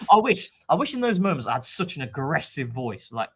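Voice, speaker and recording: A man co-hosting a live football fan stream, chatting casually and excitably, laughing often. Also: fairly high pitch, fast, hardly any pauses, husky. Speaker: co-host of a football fan show.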